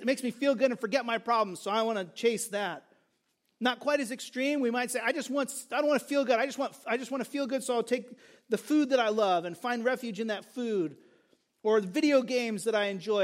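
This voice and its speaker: A male pastor preaching a sermon, earnest and emphatic, repeating key phrases for stress. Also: high voice.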